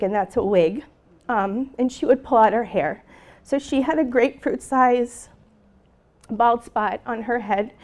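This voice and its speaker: A woman's voice: fairly high pitch, a little mellow. Heartfelt woman teacher telling her story. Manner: heartfelt, emotional, retelling dialogue. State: tearful at moments. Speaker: teacher giving a conference presentation. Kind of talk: personal story told to a live audience.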